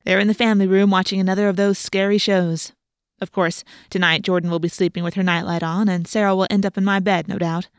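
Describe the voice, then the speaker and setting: A woman's voice: mid-range voice, little pitch movement, fast talker, no echo, clean studio sound, close to an everyday voice. A woman voicing a caring mother who frets and fusses over her daughter. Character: worried caring mother, a busy lawyer.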